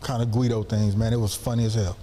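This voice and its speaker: Relaxed Texan man spinning a story. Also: lowish voice, fast talker, background noise. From Texas. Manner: relaxed, rambling anecdote telling. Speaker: podcast co-host. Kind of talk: casual storytelling.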